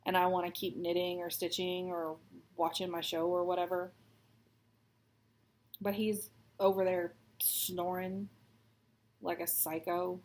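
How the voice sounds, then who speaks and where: A woman in her thirties, raised in Texas, talks in a slow, easygoing way. Her chat is casual and self-deprecating, with plenty of small asides while she works on her stitching. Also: lowish voice, flat delivery, a little mellow. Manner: chatty, rambling, self-deprecating. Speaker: stitching vlogger.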